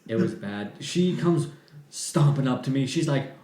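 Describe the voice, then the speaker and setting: A young man telling a work story on a podcast, animated and laughing, then dropping to deadpan. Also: medium pitch, a little slow, slight background noise. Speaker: podcast guest. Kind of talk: casual storytelling. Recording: echoey room.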